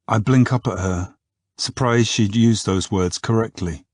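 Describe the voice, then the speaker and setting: Deep husky male narrator. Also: fairly even intonation, dry recording, studio quality. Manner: intimate, unhurried storytelling. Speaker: audiobook narrator. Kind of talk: first-person romance narration.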